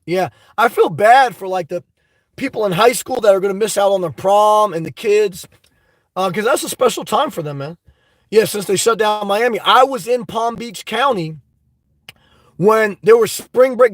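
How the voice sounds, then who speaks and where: A man hosting a live stream, reading viewer chat and ranting excitedly with lots of cursing and rambling fillers. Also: sits high, moderate pace, dry recording, poor audio.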